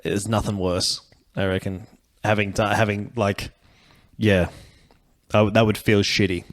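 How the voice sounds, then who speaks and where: A man talks in a loose, rambling way, dropping swear words and breaking into laughs. His voice sits fairly low. This is casual podcast chat with a comedian guest. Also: little pitch movement, a little slow.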